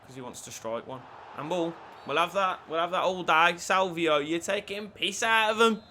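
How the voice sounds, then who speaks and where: A man commentating on his own football video game play, shifting between low muttering and shouted excitement. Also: moderate pace, a little hiss or hum. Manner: lively, swings from low mutters to shouted celebrations. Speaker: gaming YouTuber.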